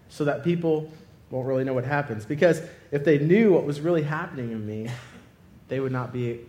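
A man's voice: on the high side, a little mellow, reverberant. A young man preaching, telling a funny personal story with lots of laughter before turning it to a lesson. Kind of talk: sermon with comic personal story.

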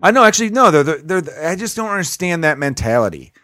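A man's voice: fairly high pitch, very animated, quick pace, sharp tone, dry recording. Brief: thirties male comic, podcast host, ranting and swearing, dry close mic. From Chicago. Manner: profane, ranting storyteller. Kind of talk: casual podcast chat.

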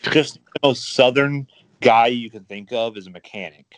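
A podcast co-host chats casually and rambles enthusiastically about games, packing his talk with fillers. His voice is mid-range and fairly bright, delivered at normal speed in a dry recording.

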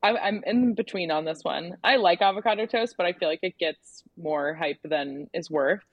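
Woman guest, low voice, relaxed and upbeat, dry recording. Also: normal speed, dry recording, highs cut off. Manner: upbeat, laughs often, relaxed. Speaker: guest, food content creator. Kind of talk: casual interview chat.

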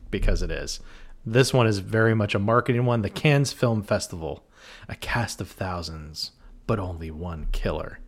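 A man co-hosting a podcast, chatting casually and joking with a rambling delivery and many fillers. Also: lowish voice. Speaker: podcast co-host. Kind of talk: casual chat.

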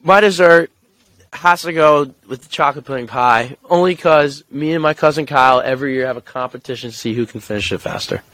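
A young man co-hosting a sports chat show, arguing back and forth in quick banter. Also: mid-range voice, fairly bright tone. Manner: fast, argumentative banter. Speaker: co-host.

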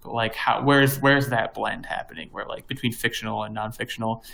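Speaking in a lowish, gravelly voice, this young man co-hosts a podcast, rambling through casual chat full of fillers and restarts. His intonation stays fairly even, his pace is brisk, and his tone is bright and forceful, though the audio is poor.

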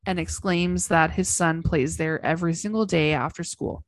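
A woman's voice: lowish voice, steady tone, normal speed, no room sound, clean studio sound. A woman co-hosting a podcast, casually recapping a TV episode point by point in a chatty, emphatic way. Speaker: podcast co-host.

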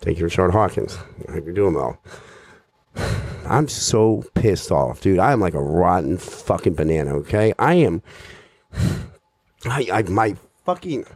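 A man's voice: low voice, big pitch swings, measured pace, long pauses, darkish tone, breathy edge, no echo. A man doing profane stand-up storytelling, rambling and self-mocking, swearing constantly. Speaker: stand-up comedian.

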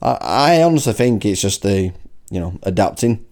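Lively Wigan-accented man, swearing and laughing. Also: fairly low pitch, moderate pace. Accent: Wigan, Lancashire. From Wigan, England. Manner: laughs often, swears freely. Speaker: podcast co-host. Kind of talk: casual chat.

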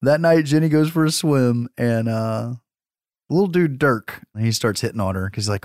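A man's voice: medium pitch, moderate pace, dry recording, clean studio sound. A man hosting a podcast, recapping a movie in a casual, profane way and laughing often. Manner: profane, laughing, animated storytelling. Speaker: podcast host.

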